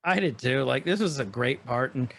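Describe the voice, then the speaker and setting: A man co-hosting a podcast, chatting casually and excitedly as he recaps scenes from a show he keeps pausing. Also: mid-range voice, gravelly. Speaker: podcast co-host. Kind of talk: casual chat recapping an episode.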